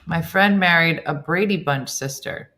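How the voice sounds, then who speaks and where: Chatty middle-aged lady host, low voice, quick asides. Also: sharp tone. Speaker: host reading viewer comments. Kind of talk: casual chat.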